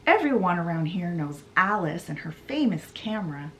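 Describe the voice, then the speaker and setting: A woman's voice: fairly low pitch, big pitch swings, moderate pace. A woman voicing a charming young male barrister who banters playfully.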